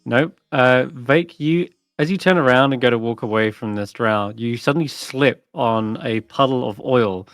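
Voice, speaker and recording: A man narrating as dungeon master, relaxed and hesitant, with plenty of fillers. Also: medium pitch, normal speed, hardly any pauses, no room sound, studio quality. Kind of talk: narrating a tabletop game.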